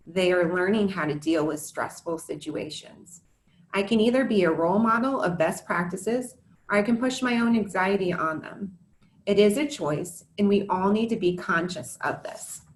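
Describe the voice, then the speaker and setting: A woman's voice: fairly low pitch, reverberant, a little hiss or hum. A woman in her thirties, a former teacher and parent, giving a prepared talk to parents in an earnest, scripted manner with candid asides. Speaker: educator and parent presenter.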